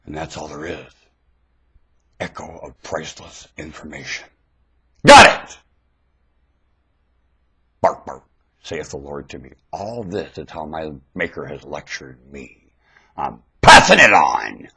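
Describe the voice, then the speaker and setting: A man delivering a preachy ranting monologue into a webcam at home, jumping between shouted outbursts and low mutters and firing rhetorical questions at the listener. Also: unhurried, breathy edge. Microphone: webcam microphone.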